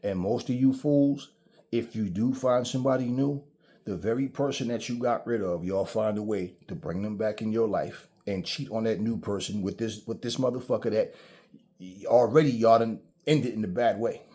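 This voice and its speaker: A man's voice: lowish voice, normal speed, warm tone. A man hosting his own channel, giving a blunt, profane, preachy monologue about relationships and telling stories. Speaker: channel host. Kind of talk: casual ranting monologue.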